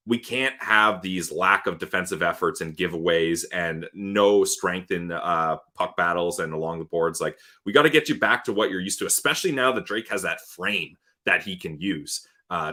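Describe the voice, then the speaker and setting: A man co-hosting a live hockey podcast, talking in an excited, emphatic way. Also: sits low. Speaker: podcast co-host. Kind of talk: casual sports talk livestream.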